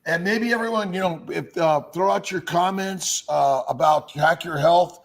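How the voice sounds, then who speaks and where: A man with a higher, gravelly voice, chatting loosely on a live show. He rambles, with plenty of uhs and trailing thoughts. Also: moderate pace. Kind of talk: casual live-show chat.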